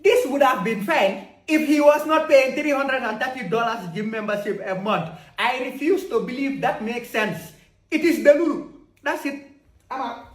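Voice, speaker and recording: Deadpan roast commentator, teasing slang, roomy and distant sound. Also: high-pitched, normal speed. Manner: mocking, deadpan quips with slang. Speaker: reaction commentator. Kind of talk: comedic reaction commentary.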